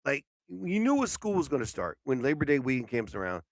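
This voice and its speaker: A man hosting a casual live stream show, sleepy and yawning, rambling with loud outbursts and swearing. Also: medium pitch, huge pitch swings, a little fast, dry recording.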